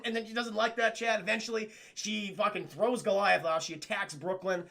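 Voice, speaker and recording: A young man casually retelling a cartoon episode to his live chat, animated and profane, jumping up and down in pitch when he quotes the characters. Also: fairly quick, creaky. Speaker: cartoon reviewer streaming to chat.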